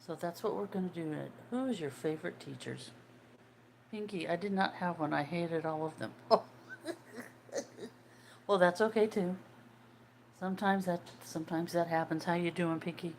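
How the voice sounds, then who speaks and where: An older woman in her sixties hosts a casual livestream in a low, easy, darkish voice at normal speed, with long pauses. She chats away and answers viewers' comments as they arrive, over a faint room ambience and a little hiss or hum.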